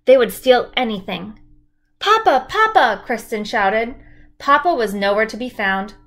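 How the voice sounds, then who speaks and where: Woman teacher, storybook reading aloud, steady, clear, a bit higher than most. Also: normal speed. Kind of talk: reading a children's chapter book aloud.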